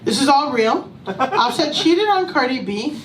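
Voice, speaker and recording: A woman performing a profane, animated stand-up comedy set on a small club stage. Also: high voice, measured pace, a little hiss or hum. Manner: profane, animated, breaks into laughter. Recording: echoey room, mic from a distance.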